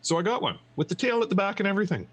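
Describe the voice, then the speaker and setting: Man playing an indignant husband, raised pitch, ranting. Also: big pitch swings, rapid-fire, fairly bright tone, slightly rough, full character voice. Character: angry husband back from a trip.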